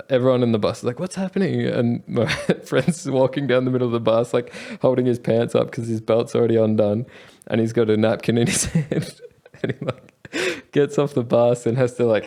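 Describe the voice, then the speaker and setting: A man's voice: medium pitch, warm tone. A young man casually telling a travel story, rambling with many fillers and frequent laughs. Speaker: travel vlogger.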